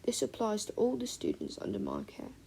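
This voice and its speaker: A woman's voice: mid-range voice, huge pitch swings, brisk, creaky, mellow, a little hiss or hum. A woman voicing a stern older female teacher with a reedy Scottish accent, precise and formal. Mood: formal, measured.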